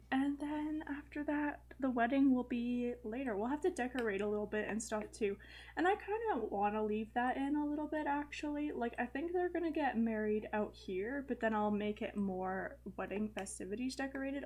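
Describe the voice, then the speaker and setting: A woman's voice: a little high, a little mellow. A young woman casually commenting on her life-simulation gameplay, chatty, with frequent fillers and light laughs. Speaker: gaming video host. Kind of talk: casual let's-play commentary.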